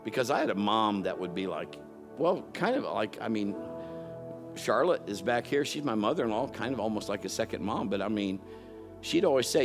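A man's voice: on the low side, animated, fairly quick, music in the background. A middle-aged man preaching a sermon, telling family stories with playful mimicry. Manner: storytelling with playful mimicry and loud impressions. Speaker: pastor.

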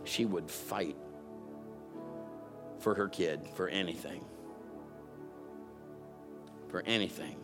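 A man's voice: sits low, slow pace, long pauses, music in the background. A middle-aged man preaching a sermon, telling family stories with playful mimicry. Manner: storytelling with playful mimicry and loud impressions. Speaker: pastor.

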